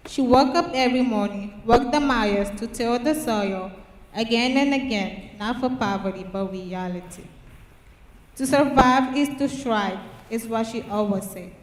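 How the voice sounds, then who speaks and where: A teenage girl reads her own poem in an earnest, slightly halting way, her voice pitched a little high. She is heard from well back in a reverberant church hall with a long, echoing tail. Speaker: student writer. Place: church hall at a public reading. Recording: echoey church hall from far off.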